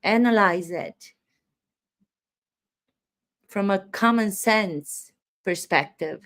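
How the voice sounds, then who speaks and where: A woman's voice: mid-range voice, extremely slow, fairly bright tone. A woman acting coach commenting on trial footage, emphatic and full of rhetorical questions.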